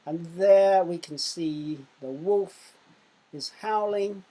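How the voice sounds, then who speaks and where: A woman teaches young children in a recorded lesson. She speaks very slowly and deliberately in a somewhat low, husky voice, and pushes her voice up loudly when she shows what an exclamation sounds like. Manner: slow, clear teaching voice that loudly acts out exclamations. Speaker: primary school teacher.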